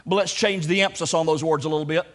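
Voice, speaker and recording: High-voiced impassioned male preacher. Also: fairly even intonation. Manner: impassioned, rising to near shouts when voicing Jesus' prayer; slows down for emphasis, repeats words. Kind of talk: sermon.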